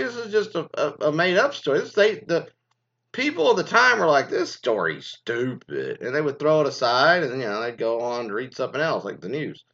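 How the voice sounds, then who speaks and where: A man giving a rambling, profane commentary, swinging between loud outbursts and low mutters. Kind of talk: ranting casual commentary. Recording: dull lo-fi recording.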